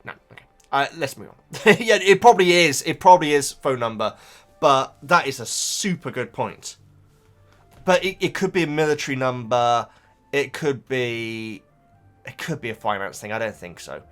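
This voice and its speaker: A man's voice: mid-range voice, expressive, moderate pace, a bit bright, soft background music. A man hosting a casual reading reaction, rambling aloud and stumbling over repeated words as he thinks. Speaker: YouTube reaction host reading a book.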